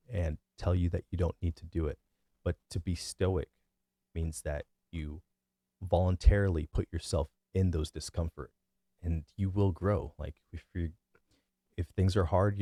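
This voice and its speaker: A man in his thirties with a deep bass voice, giving his opinions in a casual, rambling monologue full of fillers and restarts. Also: gravelly, dark tone, dry recording, clean studio sound. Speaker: vlogger.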